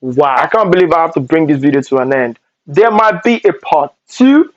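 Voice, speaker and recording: A young man with a Nigerian accent telling animated stories in a storytime vlog, slipping into Pidgin asides. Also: fairly high pitch, normal speed, no echo, highs cut off. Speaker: vlogger.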